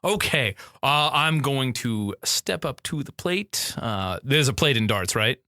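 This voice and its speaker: A man co-hosting a comedy podcast, rambling in a goofy, deliberately dim improv voice. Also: medium pitch, animated, sharp tone, no room sound, clean studio sound. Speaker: podcast co-host.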